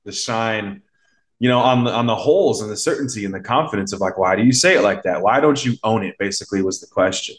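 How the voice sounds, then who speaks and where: A man with a fairly low voice chats as a podcast guest, a mindset coach who tells his story in a loose, meandering way. He leans on fillers and slips into quoted voices as he goes. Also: fast talker. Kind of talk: casual conversational storytelling.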